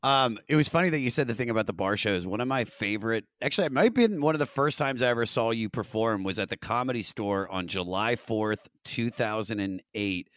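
A man's voice: fairly low pitch, animated, fairly quick, few pauses, a bit bright, no echo. Podcast host guy, casual chat, swears a bit, dry close sound. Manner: loose, swearing.

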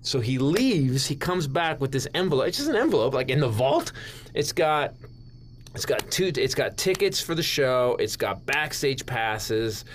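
A male comedian telling a rambling anecdote in an excitable way, with restarts, swearing and sudden high jumps when he acts out his own panic. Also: unhurried, a little hiss or hum. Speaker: comedian guest. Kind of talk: storytelling anecdote.

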